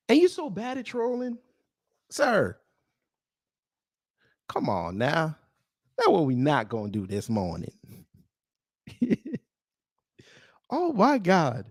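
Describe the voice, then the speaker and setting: A man's voice: sits high, wildly swooping pitch, slow pace, pauses often, no echo, studio quality. A man hosting a live-stream commentary show, answering his chat in a sarcastic, mocking and confrontational way. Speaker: host of a news commentary livestream.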